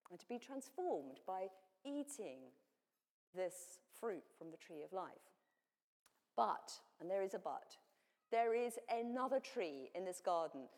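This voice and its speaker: A woman's voice: mid-range voice, a little mellow. A woman giving a sermon, explaining scripture in a plain teaching manner with frequent self-corrections. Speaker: preacher. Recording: long hall reverb.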